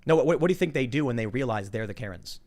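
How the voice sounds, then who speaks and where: Male podcast host, mid pitch, loose political banter, animated and self-interrupting. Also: fast talker, slight background noise. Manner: animated, repeats words when building a point. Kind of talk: casual political chat.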